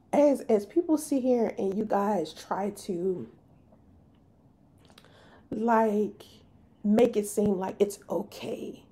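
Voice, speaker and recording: A woman, hosting a podcast and telling a personal story in an animated, emphatic way. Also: on the high side. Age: 30s. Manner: animated, emphatic, slips into voicing others. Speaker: podcast host.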